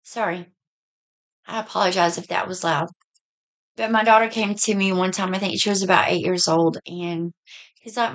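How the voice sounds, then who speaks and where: A middle-aged woman with a Southern US accent, a bit hoarse, chatting in a folksy way through a casual haul video. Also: on the low side, fairly even intonation, normal speed, pauses often, a bit bright. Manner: chatty, folksy, says y'all. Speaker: vlogger.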